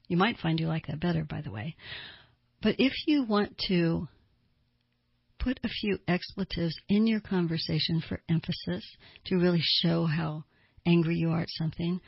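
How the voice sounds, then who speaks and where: Woman therapist, advice talk, earnest, rhetorical questions, gravelly voice, dull dry lo-fi recording. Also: lowish voice, no echo.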